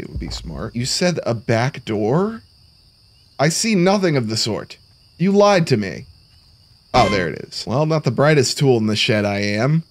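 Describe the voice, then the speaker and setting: Animated man narrating a horror game. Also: on the low side. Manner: jumpy, reacts aloud, talks to himself, says bro and dude. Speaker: horror game let's player. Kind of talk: casual gameplay commentary.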